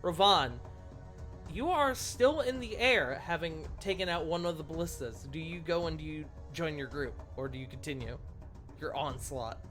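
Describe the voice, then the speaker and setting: A man narrating a tabletop game as game master, animated and laughing often, jumping into loud character quotes. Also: on the high side, moderate pace, over music.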